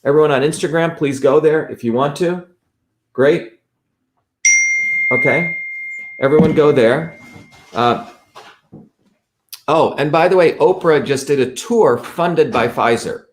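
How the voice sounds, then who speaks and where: A man's voice: fairly high pitch, measured pace, long pauses, very noisy. A man hosting a live stream, talking emphatically and repeating his points as he walks viewers through a website. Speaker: host.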